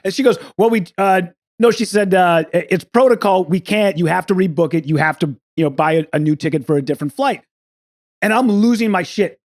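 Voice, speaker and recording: A man, a comedian guest on a podcast, telling a rambling story with lots of swearing and acted-out quotes. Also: brisk. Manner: acts out quoted people with big jumps up in pitch, swears a lot. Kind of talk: animated storytelling.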